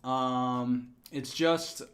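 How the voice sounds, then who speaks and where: A man's voice: mid-range voice, fairly even intonation, extremely slow, a bit bright. A man streaming a strategy game, joking with chat, laughing often and counting numbers aloud. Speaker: gaming streamer. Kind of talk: casual live-stream chat.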